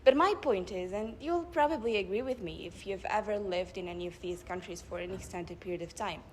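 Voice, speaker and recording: A young woman delivering a public speech at a debate club event, building her points with rhetorical questions and measured emphasis. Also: medium pitch, a little hiss or hum. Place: live event before an audience.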